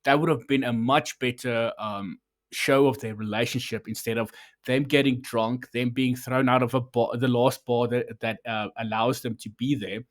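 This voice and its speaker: A man's voice: medium pitch, fairly even intonation, normal speed. A man hosting a podcast, talking in a rambling, sarcastic, profane way while reviewing a show. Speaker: podcast host. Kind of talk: casual review chat.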